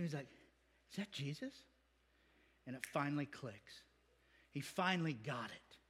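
Male pastor, high voice, lively casual preaching, long hall reverb. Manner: animated, conversational, acts out quotes. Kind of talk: sermon.

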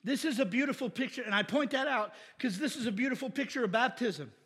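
A man pastor preaching a casual, animated sermon in a church, with shouted bursts. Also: extremely high pitch, quick pace, husky, in a large hall. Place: church sanctuary.

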